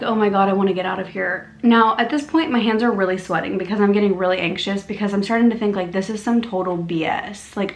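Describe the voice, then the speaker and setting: A young woman vlogger telling a story in a casual, animated way, acting out the dialogue and filling her talk with "like.". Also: mid-range voice. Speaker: beauty vlogger. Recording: echoey room with faint music.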